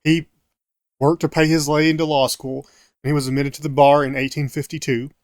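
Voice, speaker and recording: A man's voice: a little high, level tone, a little fast, a little mellow, no room sound, studio quality. A man co-hosting a casual podcast, walking through his research notes with frequent fillers and self-corrections. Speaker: podcast co-host presenting research.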